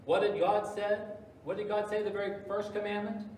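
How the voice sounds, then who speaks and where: Pastor, male, sermon delivery with big loud-soft swings, heard from far off in a very echoey church. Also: sits high, little pitch movement, brisk, slight background noise. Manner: dramatic swings between loud emphasis and hushed asides. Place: church sanctuary.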